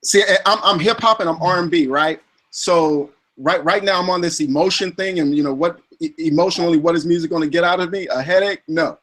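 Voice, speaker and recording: A man hosting an interview, asking long searching questions with halting restarts. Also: a little high, fairly bright tone. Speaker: interview host.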